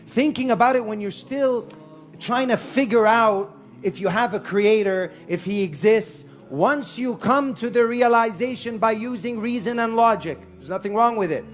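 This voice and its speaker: A man preaching a lively sermon to a live audience in a hall, telling stories with acted-out voices and mixing in Arabic phrases. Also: high voice, moderate pace. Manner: animated storyteller, acts out shouting characters; mixes Arabic phrases and Quranic recitation. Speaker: Islamic preacher.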